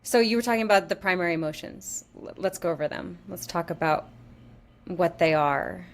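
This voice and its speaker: Curious woman with a lowish voice. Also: brisk, gravelly. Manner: curious, asking questions and reacting with laughter. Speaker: podcast co-host. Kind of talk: casual chat.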